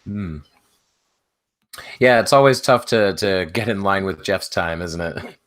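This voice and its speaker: A man's voice: low-pitched, a little slow. A man hosting a casual online panel show, greeting each guest in turn and often saying "excellent", over a video call. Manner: relaxed, repeats "excellent". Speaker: host.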